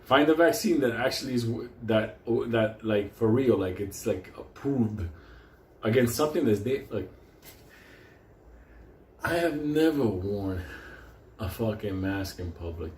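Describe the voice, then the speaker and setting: A man's voice: lowish voice, expressive, measured pace, pauses often, darkish tone, a little hiss or hum. Man ranting, swearing, in an echoey room. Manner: profanity-laden, rambling, drifting off and restarting. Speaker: vlogger. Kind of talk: profane rambling rant. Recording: roomy echo, faint ambience.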